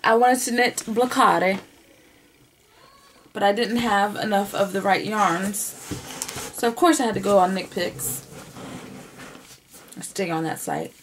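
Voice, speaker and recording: A woman's voice: mid-range voice, unhurried, pauses often, a little hiss or hum. A woman hosting a knitting podcast, chatting casually to camera with lots of laughter. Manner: chatty, animated, laughs often. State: emotional, near tears at times.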